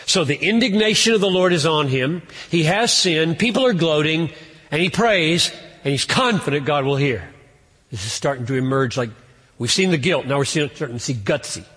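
A man preaching a sermon in an earnest way, rising in pitch and force on key points. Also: lively intonation, normal speed, fairly bright tone, husky, big-room sound. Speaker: pastor.

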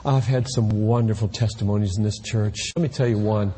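A man's voice: lowish voice, steady tone, fairly quick, slight background noise. Impassioned male preacher in a reverberant sanctuary. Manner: impassioned, rising to shouts at emotional peaks. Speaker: pastor. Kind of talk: sermon. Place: church sanctuary.

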